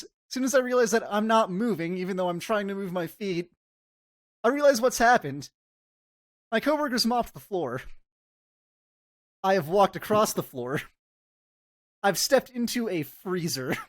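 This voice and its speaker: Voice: mid-range voice, animated, moderate pace, pauses often, no room sound, clean studio sound. A young adult speaking casually and swearing freely while telling a work story on a podcast. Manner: laid-back, swears casually. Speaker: podcast co-host.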